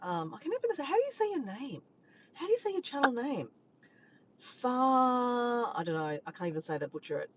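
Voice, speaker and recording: A woman's voice: a little high, big pitch swings, fast. Chatty Australian woman on a lo-fi stream. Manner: chatty and friendly, breaks into bits of song. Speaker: vlogger chatting with live viewers. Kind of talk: casual live-stream chat. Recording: dull lo-fi sound with faint background noise.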